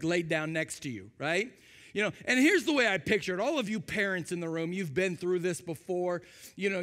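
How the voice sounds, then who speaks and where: A male preacher with a high voice delivers a lively sermon, acting out voices to get laughs. His voice rings through a large hall with a long reverb tail. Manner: animated, acts out voices for humor. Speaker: pastor.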